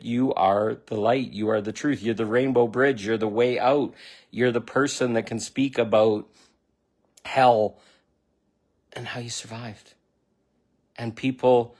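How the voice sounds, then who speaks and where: Earnest man giving spiritual encouragement. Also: medium pitch. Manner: earnest, repetitive, near tears at times; affirming, speaks directly to the listener. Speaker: spiritual self-help speaker. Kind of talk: emotional motivational monologue.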